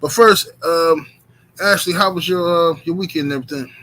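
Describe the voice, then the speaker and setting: A man hosting a live boxing talk stream, shouting out viewers by name in a relaxed, chatty way with many fillers. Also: fairly high pitch, brisk. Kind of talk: casual live-stream chat.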